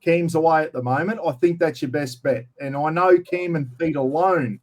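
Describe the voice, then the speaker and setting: A man's voice: fairly high pitch, normal speed, a little mellow. An Australian man talking in a casual interview, blunt and matey, calling everyone mate. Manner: blunt, matey, slangy, keeps saying mate. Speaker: interview guest, camping YouTuber. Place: at home, outdoors property.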